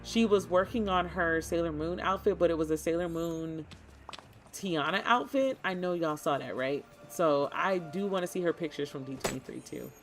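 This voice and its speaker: A woman streamer chatting casually and excitedly to her viewers while she plays a cozy game, often talking to the game itself. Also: lowish voice, normal speed, soft background music. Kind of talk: casual gaming stream chat.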